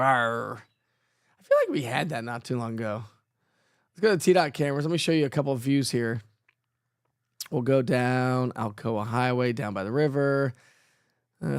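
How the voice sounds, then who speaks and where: A weather forecaster hosts a relaxed live show, chatting freely, joking at his own expense and laughing often. His smooth, mid-range voice comes across close and dry, with no echo or room sound at all.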